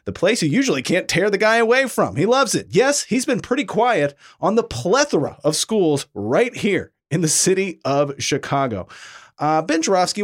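A young man co-hosting a talk podcast, plugging the show and bantering about local politics in a casual, upbeat way. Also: high voice. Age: young adult. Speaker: podcast co-host.

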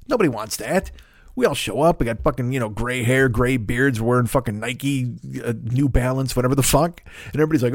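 A man's voice: medium pitch, animated, moderate pace, darkish tone, no echo, studio quality. Profane rambling man in his fifties. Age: 50s. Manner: rambling, profane, self-mocking comic storytelling. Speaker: podcast host. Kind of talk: casual solo podcast monologue.

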